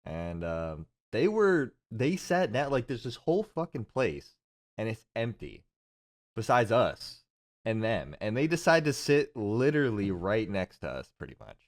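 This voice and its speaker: A man's voice: fairly low pitch, sing-song, measured pace. A young man telling a long story in casual podcast chat, with lots of fillers and laughs. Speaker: podcast co-host.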